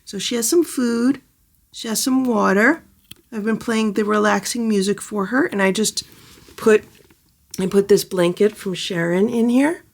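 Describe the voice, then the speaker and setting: Gravelly-voiced woman soothing a kitten. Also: mid-range voice, measured pace. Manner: soft, soothing, sing-song baby talk to a kitten. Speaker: cat rescue vlogger. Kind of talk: casual vlog narration and coaxing a kitten. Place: home, indoors by a cage.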